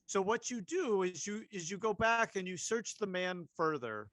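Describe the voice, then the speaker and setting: A man's voice: high voice, lively intonation, moderate pace, a bit bright, dry recording. A man running a tabletop game as game master, narrating with stumbling repeated words.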